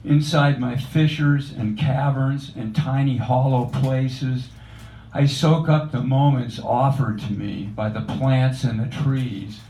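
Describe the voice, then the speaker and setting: A man reading his own poetry aloud in a measured, reflective recitation at a cafe open mic. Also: medium pitch, steady tone, mellow. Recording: echoey cafe room.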